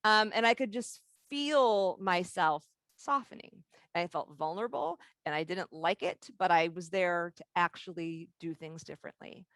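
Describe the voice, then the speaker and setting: Woman leadership teacher, low dry voice. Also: normal speed, a bit bright, dry recording. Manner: candid, storytelling with laughs. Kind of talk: live workshop teaching.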